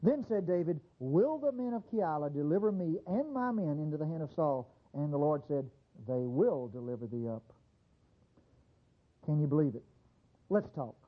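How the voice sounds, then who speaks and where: A man preaching a sermon as a pastor, animated and conversational, acting out mock voices. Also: fairly high pitch, normal speed, narrow, tinny audio.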